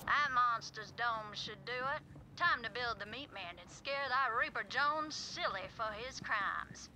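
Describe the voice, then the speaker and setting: A woman's voice: a little high, unhurried, pushed and bright. A woman voicing a folksy frontier woman who drawls out a spooky legend, in a game. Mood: gleeful instructing. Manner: drawling, storytelling, folksy slang. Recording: game audio with clear background noise.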